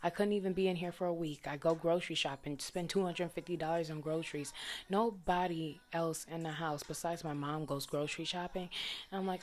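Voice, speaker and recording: A woman's voice: fairly low pitch, fairly even intonation, normal speed. A young adult woman vlogger telling a frustrating personal story in a blunt, profane, casual monologue full of indignant questions. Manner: vents with indignant rhetorical questions.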